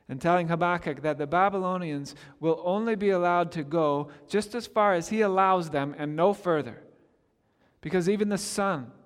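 A man preaching a sermon as pastor, expressive, swinging from loud to hushed. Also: fairly high pitch, in a large hall.

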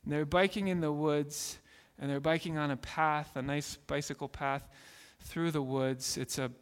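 With fairly even intonation, a clean tone and normal speed, the pastor preaches earnestly in a fairly high voice, repeating and restarting phrases. A story patiently builds his point while a big hall's long reverb lingers.

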